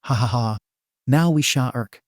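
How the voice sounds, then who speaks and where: A man's voice: a little slow, no room sound, clean studio sound, natural voice. A man doing a boastful pirate-talking young hero. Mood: cocky. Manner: swaggering pirate talk with lower, quieter voice. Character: boisterous young male pirate-themed hero, brash braggart.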